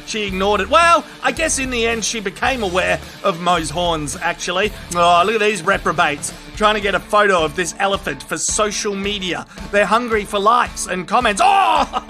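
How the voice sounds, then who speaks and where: A man with an Australian accent giving crude, excitable comic voice-over commentary on viral clips, heavy on slang and swearing. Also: high voice, moderate pace, few pauses, faint music behind. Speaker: comedic video commentator.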